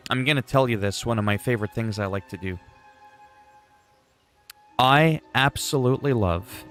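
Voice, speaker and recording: Streaming his gameplay, a man keeps up relaxed, excited chatter with his audience, drifting off topic at times and dropping the occasional curse. His voice is on the low side and a bit bright.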